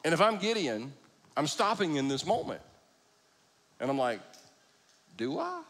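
A man's voice: a little high, big pitch swings, normal speed, a bit bright. A middle-aged man preaching a sermon, telling stories with self-deprecating humor. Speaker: pastor. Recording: long reverb of a large hall.

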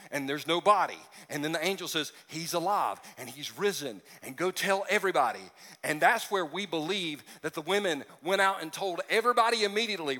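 Joking pastor with a high, bright voice. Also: male voice, in a large hall. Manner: joking asides, acts out voices. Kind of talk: conversational sermon.

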